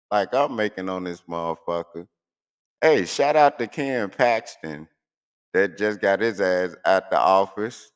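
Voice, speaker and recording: A man, hosting a radio show and ranting casually on air with loose, profane emphasis. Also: on the low side.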